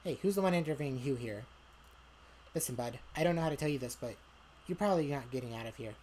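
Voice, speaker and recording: A woman's voice: a bass voice, lively intonation, quick pace, darkish tone, slight background noise. Lucifer, a woman voicing a smug teasing devil. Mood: mocking. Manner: teasing, sarcastic. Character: smug joking male devil, ruler of hell. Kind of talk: voicing a visual novel.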